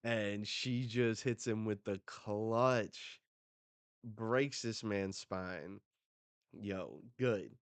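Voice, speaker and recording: A man hosting a live manga reading reaction, casual and animated, swearing freely as he gets excited. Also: on the low side, very slow, no room sound.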